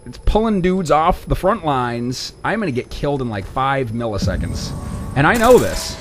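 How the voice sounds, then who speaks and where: Profane, excitable gaming commentator, lively pitch. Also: male voice, moderate pace, faint music behind. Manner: profane, sarcastic, excitable outbursts. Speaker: gameplay commentator. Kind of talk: casual gameplay commentary.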